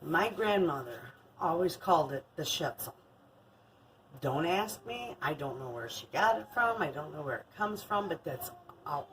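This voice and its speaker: A woman's voice: deep voice, animated, moderate pace, a little hiss or hum, low-quality recording. An older woman chatting casually through a home kitchen vlog, rambling and friendly. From Michigan. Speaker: homestead vlogger.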